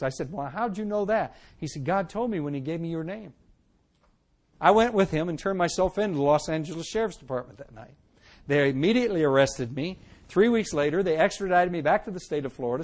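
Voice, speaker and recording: A middle-aged man giving an animated personal testimony, telling his story dramatically and laughing at times. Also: high voice. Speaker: testimony speaker.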